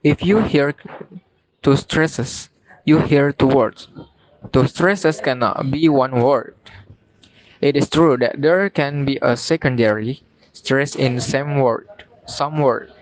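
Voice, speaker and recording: A young man with an Indonesian accent gives a recorded class presentation. He reads at an unhurried, deliberate pace, pausing between short phrases, in a voice of middling pitch. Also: low-quality recording. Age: young adult. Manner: slow, careful reading with pauses between phrases. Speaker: student.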